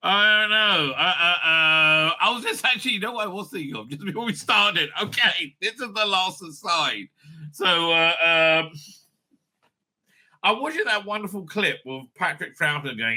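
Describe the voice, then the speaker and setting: A man's voice: high voice, animated, normal speed, sharp tone. A man hosting his own online show, rambling in a loose, profane, laughing commentary style. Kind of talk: casual ranting commentary.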